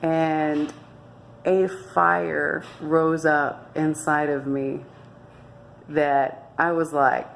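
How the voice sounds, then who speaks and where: A woman's voice: low voice, little pitch movement, extremely slow, creaky. A young woman earnestly telling her own life story to camera, emphatic and often restarting her sentences. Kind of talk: candid personal testimony.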